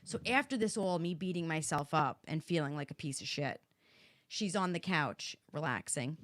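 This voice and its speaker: A mother co-hosting a podcast in casual chat, telling stories with animation, acting out what she said loudly and swearing freely. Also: low voice, lively intonation, moderate pace. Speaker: podcast co-host. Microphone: podcast mic.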